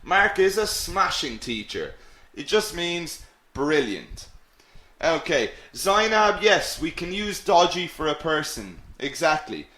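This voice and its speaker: A man teaching an English lesson, upbeat and encouraging, repeating key words slowly. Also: a little high, big pitch swings, pushed and bright. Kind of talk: live online English lesson. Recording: roomy echo.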